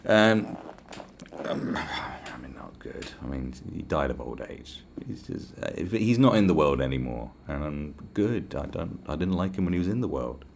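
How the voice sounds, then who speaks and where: A young English man hosts a podcast, his bass voice gravelly and moving at a normal speed over a noisy background. He tells stories in a casual, animated rant full of swearing, acting out quotes in raised voices.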